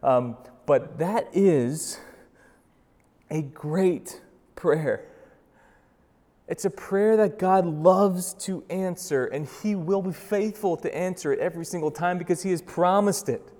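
Young male pastor, sermon; casual and dynamic, loud then soft, in an echoing sanctuary. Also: high-pitched. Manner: swings from loud urgent bursts to slow hushed emphasis; conversational, with fillers and restarts. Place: church sanctuary. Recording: long reverb of a large hall.

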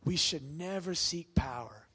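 A man preaching a sermon to a congregation, asking them questions and swinging from loud bursts down to hushed near-whispers. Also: a little high, lively intonation, unhurried, husky. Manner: conversational, asks the congregation questions. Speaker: pastor.

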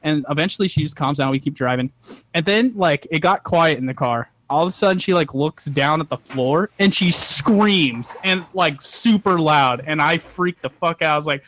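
A young man telling a long story in a relaxed way among friends. He rambles, swears a lot and acts out the other people's lines. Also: fairly high pitch, moderate pace, dry recording, low-quality recording. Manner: rambling, swears often, acts out quoted voices. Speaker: podcast co-host telling a story. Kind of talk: casual storytelling chat.

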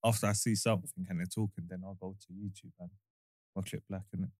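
A man's voice: low voice, little pitch movement, quick pace, a little mellow, no room sound. Chill podcast guy, dry sound, mid voice, slangy. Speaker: podcast co-host. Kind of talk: casual group banter.

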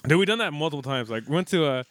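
Expressive and a bit bright, this man's voice sits on the high side and comes out rapid-fire. Co-hosting a laid-back podcast, he meanders through stories with plenty of swearing, performing other people's lines as he goes.

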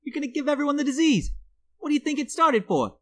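Brash high-voiced woman podcast co-host. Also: expressive, quick pace, a bit bright. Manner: brash and mocking, exaggerated outrage. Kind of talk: mock trash-talk comedy podcast.

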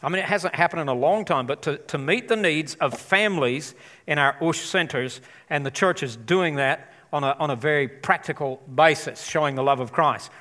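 A man's voice: fairly high pitch, moderate pace, bright, forceful tone. A man preaching a live church sermon, chatty and enthusiastic, rallying the congregation. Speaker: pastor. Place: large church auditorium. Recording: long hall reverb.

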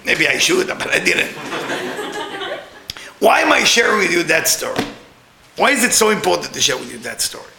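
A middle-aged man telling a personal story in broken English, animated and laughing often. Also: high voice, moderate pace, gravelly, long pauses, reverberant, noisy background.

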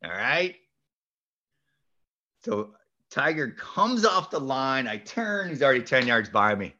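Animated storytelling man, lively lilt. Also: medium pitch, slow, lo-fi sound. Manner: lively, acts out voices, shouts punchlines. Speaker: podcast guest, golf instructor.

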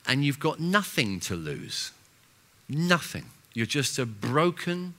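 A senior pastor delivers a sermon in a lively, self-deprecating style, often restarting his sentences and swinging widely between loud and quiet. His voice is male and medium-pitched, and he speaks slowly.

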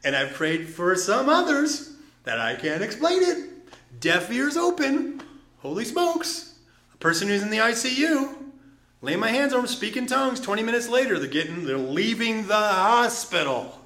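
A man preaching a sermon as pastor, moving between loud exclamations and quiet asides. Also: high voice, moderate pace. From Detroit. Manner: animated, swings from loud exclamations to soft asides. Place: church sanctuary. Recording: echoey room.

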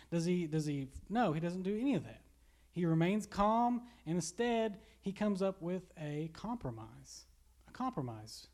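A man's voice: sits high, expressive, moderate pace, darkish tone. A pastor giving a casual, conversational sermon, rambling a little and repeating words as he goes. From Kentucky. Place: church.

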